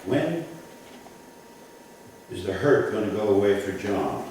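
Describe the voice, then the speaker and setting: A pastor delivering a sermon, measured and emphatic, pressing his points with rhetorical questions. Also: lowish voice, very animated, darkish tone, slight background noise. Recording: echoey church from a distant mic.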